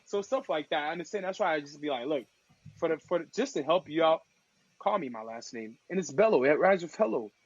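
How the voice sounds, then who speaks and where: A man from Togo, a podcast guest and DJ, telling stories in casual chat with slangy, lively talk. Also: on the high side, quick pace, slightly rough, no room sound, dull audio. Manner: lively, acts out quoted voices, slangy.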